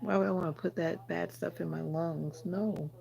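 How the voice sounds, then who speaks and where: A woman's voice: fairly low pitch, fairly even intonation, normal speed, creaky, dark tone, rough recording. A Jamaican woman from Jamaica hosting a casual livestream, chatting with viewers and teasing them as she answers their comments. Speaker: livestream host.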